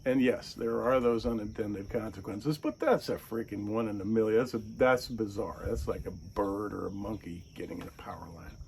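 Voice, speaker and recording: A man, the channel's host, telling a casual story, animated and acting out the people he quotes in raised voices. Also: lowish voice, normal speed, gravelly, few pauses, slight background noise.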